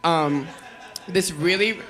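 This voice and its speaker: Drag queen guest, man, bright higher voice, chatty and profane, quick to laugh. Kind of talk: casual chat.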